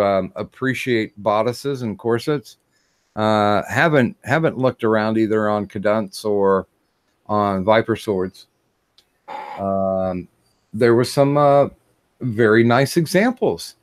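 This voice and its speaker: A man hosting a casual livestream chat, talking in a halting way with many fillers and restarts. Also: fairly low pitch, no room sound, clean studio sound. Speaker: stream host.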